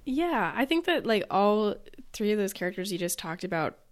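A woman's voice: mid-range voice, sing-song, moderate pace. Enthusiastic woman in casual chat. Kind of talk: casual chat about a musical.

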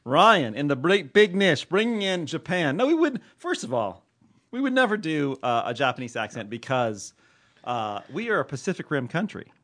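A man's voice: fairly high pitch, very animated, normal speed, a bit bright. A man co-hosting a podcast, chatting casually with playful, teasing banter. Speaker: podcast co-host. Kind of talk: casual chat.

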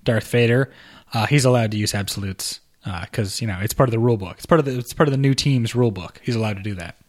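A man's voice: on the low side, quick pace. A man co-hosting a podcast, talking casually about a film in a wry, joking way with stammered restarts. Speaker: podcast co-host.

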